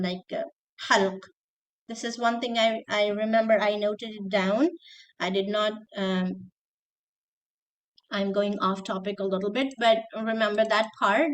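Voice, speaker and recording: A woman's voice: on the high side, rough recording. Woman teacher giving an online lesson. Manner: explanatory, checks with "okay?", mixes in Arabic terms. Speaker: teacher trainer.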